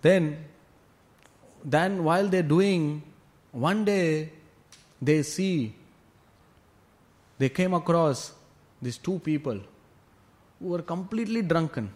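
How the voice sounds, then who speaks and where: A man's voice: a little high, slow pace, long pauses. Man telling a devotional class. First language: Tamil. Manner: animated retelling with frequent "you know" fillers. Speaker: scripture class teacher.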